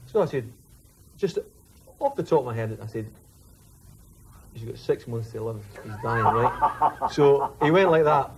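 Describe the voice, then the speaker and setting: A man, a former footballer telling a lively anecdote in an interview. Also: medium pitch, normal speed, long pauses, slight background noise. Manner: animated, mimics others while telling a story. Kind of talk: storytelling anecdote.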